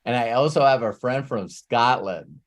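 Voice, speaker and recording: A man's voice: medium pitch, moderate pace. A man hosting a live online coaching session, chatting casually and laughing often. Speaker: host, life coach.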